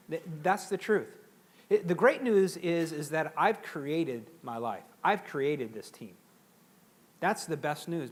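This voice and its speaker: A middle-aged man giving a motivational seminar talk to a live audience, animated and acting out quoted voices. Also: fairly high pitch. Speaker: seminar speaker.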